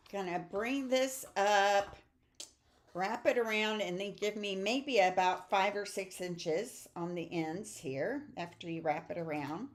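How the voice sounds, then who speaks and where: A middle-aged woman teaching a papercraft project, chatty and upbeat as she talks viewers through each step. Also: mid-range voice. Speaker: stamping and papercraft instructor. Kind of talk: casual craft tutorial.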